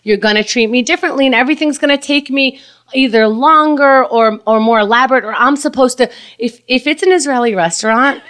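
A woman's voice: high voice, brisk, a bit bright. A woman in casual conversation, telling exasperated stories and laughing often. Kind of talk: casual chat.

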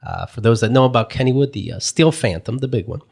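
A man telling a family story in a casual talk show chat. He is animated, rushes through some lines and jumps up high when he acts out what people said. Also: vocal fry, husky.

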